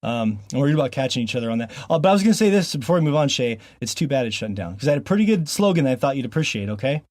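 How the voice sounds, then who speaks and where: A man's voice: mid-range voice, very animated, very fast, a little mellow, dry recording. A man from Montana hosting a casual podcast, joking and laughing often between frequent ums. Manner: jokey, laughs often, fillers like um. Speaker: podcast host.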